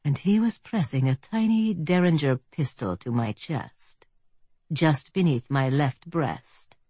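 A woman narrating a first-person fantasy audiobook in a measured, composed way. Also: deep voice, animated, warm tone, breathy edge, dry recording.

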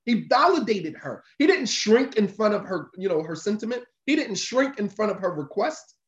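A religious teacher gives an informal sermon in a high, very animated male voice at a moderate pace. He preaches conversationally, hammering his points home by repeating them with emphasis. The recording is roomy, dull and lo-fi.

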